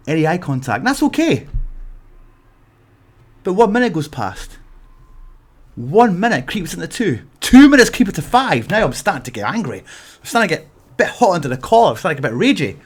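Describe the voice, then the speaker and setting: A Scottish man rants to camera for laughs, spinning exaggerated stories with plenty of emphasis. His pitch swings widely from low grumbles up to sudden shouted bursts. He sounds worked up yet playful the whole way through. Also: fairly quick, pauses often, slightly rough. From Scotland. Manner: animated, exaggerated storytelling with shouted outbursts. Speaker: vlogger. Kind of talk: comic rant to camera.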